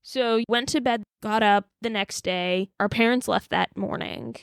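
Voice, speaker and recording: Smooth-voiced young woman telling a story. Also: medium pitch, measured pace, dry recording, clean studio sound. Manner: animated retelling, acts out quotes, many "like"s. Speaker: podcast co-host. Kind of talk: casual storytelling chat.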